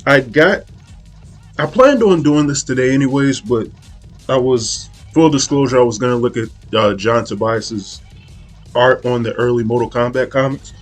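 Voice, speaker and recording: A man's voice: mid-range voice, moderate pace, soft background music. A young man casually talking through an art study, rambling and hesitant, with many fillers and restarts. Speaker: art channel host.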